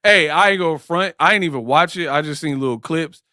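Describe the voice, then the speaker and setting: A man's voice: a little high, brisk, sharp tone, no echo, studio quality. A man hosting a live-stream sports talk show. He speaks in slang, jokes, and keeps breaking into impressions. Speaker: host.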